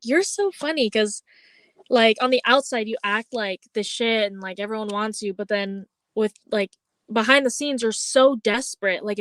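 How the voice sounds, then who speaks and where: Young woman, casual podcast chat, fairly high voice, dry close sound, lots of "like". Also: a bit bright, no room sound. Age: young adult. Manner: chatty storytelling, heavy use of "like", acts out quoted lines. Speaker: podcast co-host.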